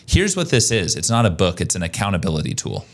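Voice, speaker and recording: Low-voiced energetic podcast host, man. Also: fast. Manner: energetic, conversational, rambling with restarts. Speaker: podcast host, agency owner. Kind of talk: casual podcast chat.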